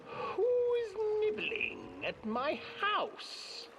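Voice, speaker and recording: A man voicing a cruel old witch woman in a game, with a high, sing-song crooning voice that turns sharp and snapping. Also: wildly swooping pitch, extremely slow, vocal fry, heavy background noise, exaggerated voice. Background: game music.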